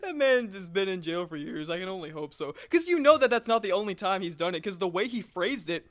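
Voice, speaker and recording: A young man telling a work story on a casual podcast, animated and laughing often as he acts out the people in it. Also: sits high, brisk. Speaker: podcast co-host.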